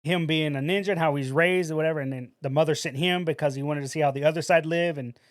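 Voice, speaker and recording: A man co-hosts a podcast in casual chat, retelling a story with animated energy. He acts out the quotes and drops "bro" into his talk. His voice sits slightly high and the sound is close and dry. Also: fast, no room sound. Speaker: podcast co-host.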